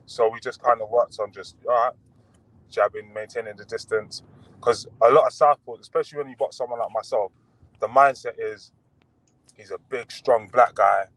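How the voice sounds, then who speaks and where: A man chatting as a boxer guest on a podcast, relaxed and full of fillers and restarts. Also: mid-range voice, moderate pace, no echo, rough recording. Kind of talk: casual podcast interview.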